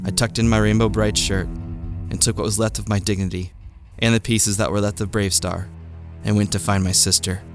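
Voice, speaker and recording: A man telling a true childhood story in a deadpan, wry manner. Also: fairly low pitch, moderate pace. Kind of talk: first-person comic storytelling. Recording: close dry mic with faint music.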